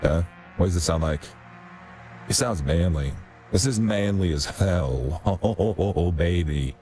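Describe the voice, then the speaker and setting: A man's voice: low voice, a little slow, mellow, faint music behind, pitched below the performer's own voice. A man using an AI voice changer to sound like a very manly guy. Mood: amused.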